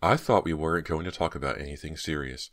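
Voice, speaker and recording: A man's voice: a bass voice, fast talker, a bit bright, no room sound, clean studio sound. A man voicing a distracted, cheerful middle-aged mother in an audiobook, speaking breezily and brushing things off. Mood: breezy.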